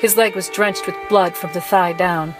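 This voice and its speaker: Brief: woman narrating a dark story like an audiobook, with music behind. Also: on the low side, steady tone, moderate pace, poor audio. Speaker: guest reader.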